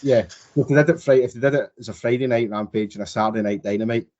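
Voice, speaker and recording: Mellow young man, muffled mic. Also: mid-range voice, fast talker. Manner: agreeable, short replies, swears. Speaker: podcast co-host. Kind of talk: casual wrestling chat.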